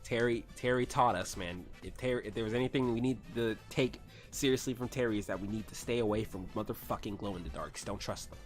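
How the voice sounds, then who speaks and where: A man's voice: lowish voice, quick pace, soft background music. A man reading fanfiction aloud and breaking off for sarcastic, swearing commentary, stumbling over words now and then.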